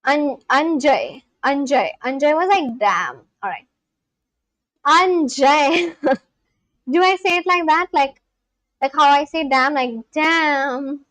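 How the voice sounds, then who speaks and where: A high-pitched woman chats casually with her live-stream audience. She reads their messages aloud and answers each one. The sound is close and dry, with no room around it. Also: lively intonation, a little slow, fairly bright tone, dry recording, poor audio. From Kolkata, India. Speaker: livestreamer.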